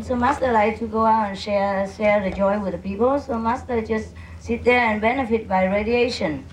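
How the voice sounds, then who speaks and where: A woman's voice: medium pitch, darkish tone, slight background noise, low-quality recording. A woman spiritual teacher answering questions from a gathering in non-native English, playful and laughing often.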